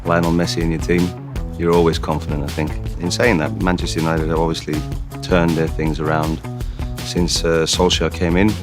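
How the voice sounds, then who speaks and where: A man with a British accent, speaking calmly and confidently in an interview. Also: very deep voice, moderate pace. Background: music.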